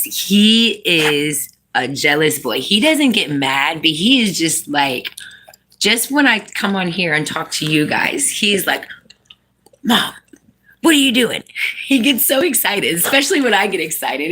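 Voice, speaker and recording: A woman's voice: fairly low pitch, very animated, unhurried, a bit bright, husky. A woman hosting a casual live stream, chatting with viewers, reading out their comments and coaxing her dog to sit.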